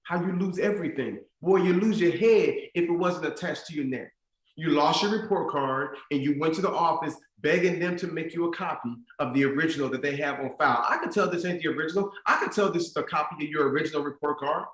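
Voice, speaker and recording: A man voicing a stern, sharp-tongued mother scolding her teenage son, heard with an echoey stadium sound. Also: a little high, fast, lightly acted. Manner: bossy and scolding, turns tearfully proud.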